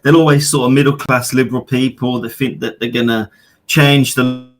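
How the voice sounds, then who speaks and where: A man's voice: medium pitch, fairly even intonation, moderate pace, a little hiss or hum. A British man calling in to a chat show over a weak connection, talking brashly and casually, swearing a lot and saying "bro" constantly. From United Kingdom. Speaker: caller. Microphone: remote call with a weak connection.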